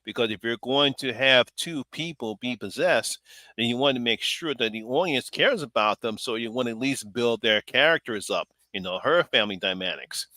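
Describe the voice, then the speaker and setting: A man's voice: mid-range voice, expressive, moderate pace, bright, forceful tone, no echo. A man hosting a casual live stream chat about a horror film, rambling and laughing often.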